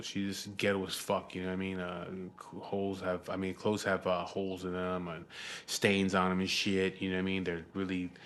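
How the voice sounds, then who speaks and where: A man's voice: low voice, fairly bright tone. A middle-aged man, telling a profane, rambling story to camera in a casual vlog. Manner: profane, rambling, frequent "you know what I mean". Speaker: vlogger.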